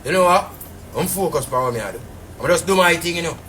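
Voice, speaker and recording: A man's voice: fairly high pitch, expressive, fast talker, a bit bright, slight background noise. A man with a Jamaican patois accent, ranting casually and indignantly on a live stream, rambling and repeating fillers. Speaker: businessman telling his side.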